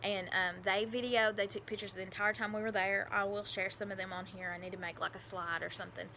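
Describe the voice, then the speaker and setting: A woman's voice: mid-range voice, level tone, fast talker, bright, forceful tone, slight background noise. A woman vlogger telling a personal story in a casual, emotional, rambling way with lots of fillers and restarts.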